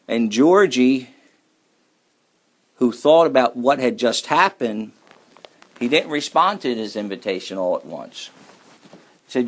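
A man delivers a sermon with an emphatic, repetitive drive. He drops to a crawl to press home his main points. His voice sits at an ordinary middle pitch. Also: expressive, creaky. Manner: emphatic, repeats key phrases, slows down to stress points. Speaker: preacher.

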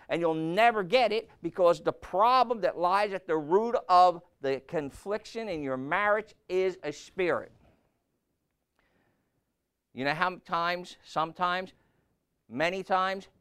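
A man in his sixties preaching a sermon, blunt and emphatic, repeating phrases and rising to loud outbursts. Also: a little high, smooth. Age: 60s.

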